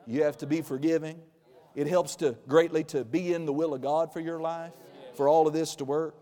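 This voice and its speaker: A pastor in his forties preaching a sermon, with emphatic loud bursts that drop into quiet, close asides. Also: a little high, steady tone, brisk, long reverb tail. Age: 40s.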